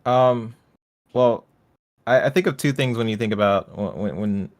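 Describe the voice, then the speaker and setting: A man who is a panelist on a gaming podcast, talking in a casual chat with a halting, hesitant manner. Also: medium pitch. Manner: hesitant, halting, laughs lightly.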